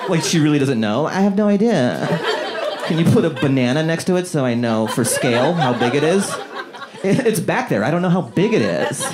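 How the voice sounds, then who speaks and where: A man's voice: on the high side, a little fast. A male stand-up comedian performing a routine on stage, telling exasperated stories and slipping into voices for the people in them. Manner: animated, exasperated storytelling with voiced characters. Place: comedy stage before a live audience. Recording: live set with loud crowd noise.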